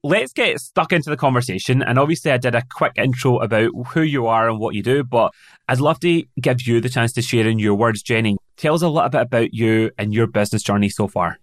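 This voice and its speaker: A middle-aged man with a Scottish accent hosts a conversational podcast interview, telling stories in an upbeat, relaxed way. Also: mid-range voice, brisk, no room sound, studio quality. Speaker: podcast host.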